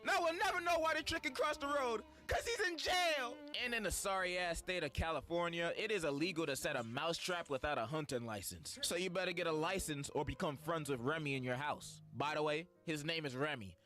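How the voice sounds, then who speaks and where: A man's voice: a little high, fairly quick, few pauses, pushed and bright, soft background music. A young man streamer doing sarcastic, mock-outraged comedic commentary.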